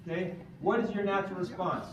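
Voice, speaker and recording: A fast-talking man with a somewhat high voice gives an animated training seminar before a live audience, quizzing them and repeatedly asking "okay?". He's recorded from far off in an echoey room, with audible background noise and the highs cut off.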